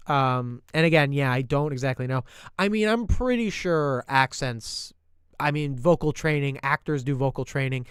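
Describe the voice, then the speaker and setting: A man's voice: medium pitch, normal speed, smooth, no room sound, studio quality. A man chatting casually on a stream, thinking aloud with many fillers and restarts, with a slight New York accent. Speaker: YouTuber reviewing creator posts on stream. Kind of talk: casual livestream commentary.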